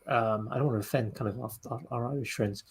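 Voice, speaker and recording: A man's voice: medium pitch, fairly even intonation, fast talker, creaky, breathy edge. A man co-hosting a podcast, chatting casually and rambling with many restarts and fillers. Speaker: podcast co-host. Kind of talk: casual chat.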